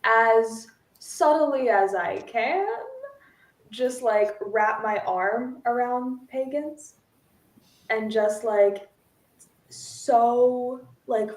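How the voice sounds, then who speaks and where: A woman playing a tabletop game with friends over a call, talking in a hesitant, halting way with many fillers. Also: on the high side, distant mic. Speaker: player. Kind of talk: casual tabletop role-play over a call. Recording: roomy echoey home mic.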